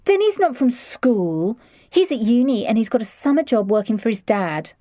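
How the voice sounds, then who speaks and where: A woman's voice: a little high, big pitch swings, normal speed, mellow, no room sound, clean studio sound, voice pushed up. A woman voicing a whiny, spoiled fifteen-year-old girl who speaks scathingly. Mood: whiny petulant. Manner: whining, scathing.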